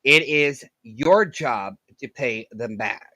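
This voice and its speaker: Lively, bright-voiced sarcastic woman. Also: rumbling low, takes it slowly, no echo, rough recording. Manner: sarcastic, laughs often. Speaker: commentator reacting to clips. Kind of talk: reaction commentary.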